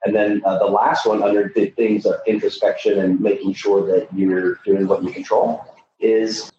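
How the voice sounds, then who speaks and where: A man's voice: on the low side, level tone, moderate pace, mellow. A middle-aged man coaching loan officers in a podcast conversation, emphatic, with frequent restarts. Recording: echoey, dull, distant mic with faint noise.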